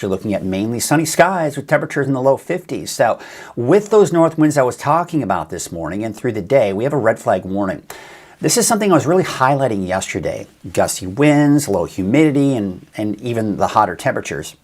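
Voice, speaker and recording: A man's voice: mid-range voice, big pitch swings, quick pace, darkish tone. A man hosting a weather forecast show, with a conversational style and some fillers and self-corrections. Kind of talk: casual weather forecast talk.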